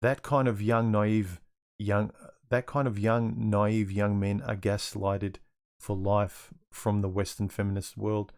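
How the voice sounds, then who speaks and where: Australian male livestream host, lowish voice, musing, restarts often, reads chat aloud. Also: little pitch movement, takes it slowly, darkish tone, smooth.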